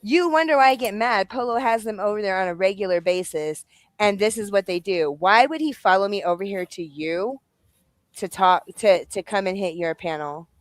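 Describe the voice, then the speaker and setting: A woman hosting a late-night livestream chat, ranting loudly, cursing and laughing as she talks. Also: medium pitch, normal speed, no room sound, clean studio sound. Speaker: livestream host. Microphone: home streaming setup.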